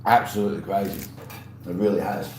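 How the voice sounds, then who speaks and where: A low, slightly mellow voice with fairly even intonation and a brisk pace belongs to an Australian livestream host. Relaxed and rambling, he eats while greeting viewers and reading their messages aloud, recorded with a roomy echo and faint hum.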